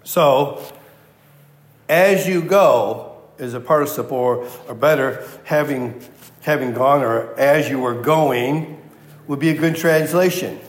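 A man's voice: mid-range voice, fairly even intonation, unhurried. A man preaching a sermon as a pastor. He speaks emphatically, repeats key words and asks the congregation questions. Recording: echoey hall reverb.

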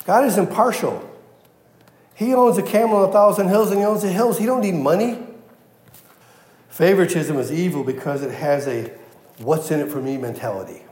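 A man's voice: high-pitched, expressive, normal speed, pauses often, darkish tone, roomy sound. A man preaching a sermon as pastor, emphatic and repeating his key phrases for weight. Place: church.

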